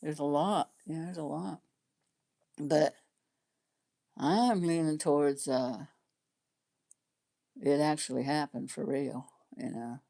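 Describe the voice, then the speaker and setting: Chatty woman, low voice, rambling. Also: steady tone, slow pace, creaky, pauses often, warm tone. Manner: rambling, chatty, laughs often. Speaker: livestream host chatting with viewers. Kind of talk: casual livestream chat.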